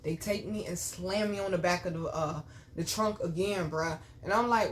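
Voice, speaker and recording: Speaking at a normal speed in a medium-pitched voice, a young woman who runs her own channel shares a personal story to camera. Her telling is blunt and profane, aimed straight at her viewers.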